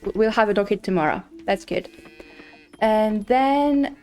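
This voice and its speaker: A woman's voice: mid-range voice, unhurried, a little mellow, faint music behind. A woman streamer chatting casually while playing a farming game, telling a story with many restarts and repeats.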